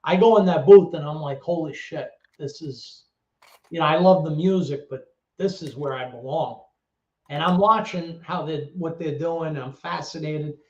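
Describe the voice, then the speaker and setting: Animated New man, echoey room. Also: fairly high pitch, normal speed. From the Bronx, New York. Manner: animated storyteller acting out voices, swears freely. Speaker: guest, former actor and DJ. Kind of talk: casual storytelling interview. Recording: echoey room, dull lo-fi sound.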